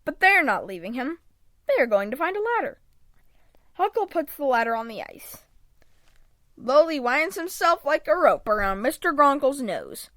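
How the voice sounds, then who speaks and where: A woman reading a children's picture book aloud in an expressive read-aloud manner, close to a home microphone. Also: high-pitched, moderate pace, dry recording. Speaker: storybook reader.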